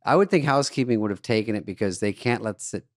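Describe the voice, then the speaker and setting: A man's voice: lowish voice, lively intonation, fast talker, no room sound. A man co-hosting a comedy podcast, chatting casually in a dry, wry way. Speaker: podcast co-host.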